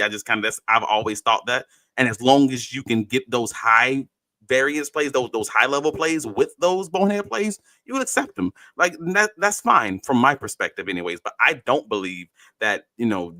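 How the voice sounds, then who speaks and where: A man co-hosting a football podcast, talking in a casual, outspoken way. His voice is bright and forceful, with a middle pitch and a close, dry sound. He is blunt and emphatic, pressing his points hard. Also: normal speed, no echo. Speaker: podcast co-host. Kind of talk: casual sports talk.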